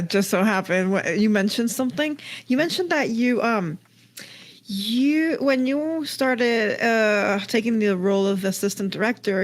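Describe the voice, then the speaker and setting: A woman hosting a podcast, asking a guest questions in a halting way with restarts. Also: medium pitch. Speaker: podcast host. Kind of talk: interview questions.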